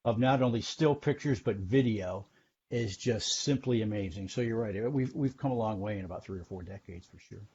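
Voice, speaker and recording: A man's voice: on the low side, moderate pace, darkish tone, slight background noise. A man in his sixties, a television journalist telling stories as a guest in a casual interview over a video call from his home, chatty and self-deprecating. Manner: chatty storyteller, self-deprecating, many restarts. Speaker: TV news guest. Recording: dull lo-fi call audio.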